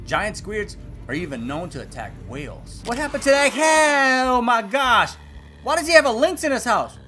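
A man hosting a reaction video, cracking quick jokes with sudden loud exclamations. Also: very high voice, very animated, soft background music. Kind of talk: jokey reaction commentary.

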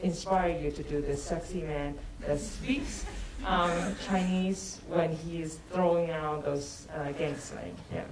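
Audience member: low-pitched woman, hesitant, echoey hall with crowd murmur. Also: steady tone, slow, hardly any pauses, distant mic. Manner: hesitant, many "um"s. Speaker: audience member asking a question. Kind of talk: audience Q&A question. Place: auditorium at a screening event.

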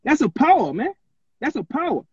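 A man's voice: very high voice, sing-song, fairly quick, highs cut off, a crowd in the background. A man trash-talking on a live stream, bossy and interrupting, hammering the same words again and again. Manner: bossy, keeps cutting in with "hey, look". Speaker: battle rapper on a live stream.

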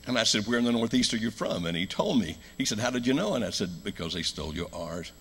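An American man preaching a sermon in a church, telling a story with loud emphatic lines and hushed low ones. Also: expressive, fast talker, slightly rough. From United States.

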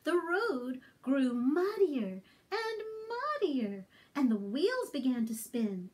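A woman librarian reading a picture book aloud to toddlers, with an animated, sing-song delivery and questions to her young listeners. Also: high-pitched, slow pace. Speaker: children's librarian. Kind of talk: toddler storytime read-aloud.

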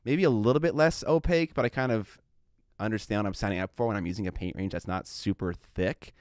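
Chatty man with a smooth voice. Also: fairly low pitch, fast talker, darkish tone, no echo, studio quality. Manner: rambling, many fillers and restarts. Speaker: podcast co-host. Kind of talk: casual podcast chat.

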